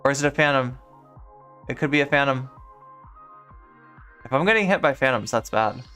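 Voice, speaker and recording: A woman's voice: rumbling low, lively intonation, normal speed, a bit bright, soft background music. A woman streamer chatting casually while playing a game, rambling and leaning heavily on filler words as she talks. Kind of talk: casual live-stream chat while gaming.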